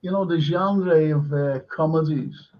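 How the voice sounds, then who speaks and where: A man's voice: a little high, a little slow. A man hosting a live stream, reading viewer comments aloud and chatting casually with fillers. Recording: dull lo-fi stream audio.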